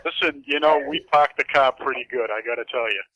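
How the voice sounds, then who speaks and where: Man, Boston accent, radio caller, bright voice, dry sound. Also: medium pitch, wildly swooping pitch, a little fast, creaky, no echo, low-quality recording. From Massachusetts. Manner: friendly, folksy, calls people buddy. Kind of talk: casual phone-in chat.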